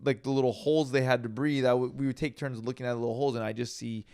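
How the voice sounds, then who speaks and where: Smooth-voiced guy telling a wild story. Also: medium pitch, steady tone, rapid-fire, darkish tone. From Los Angeles. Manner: slangy, profane, says dude a lot. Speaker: podcast guest. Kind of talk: casual storytelling.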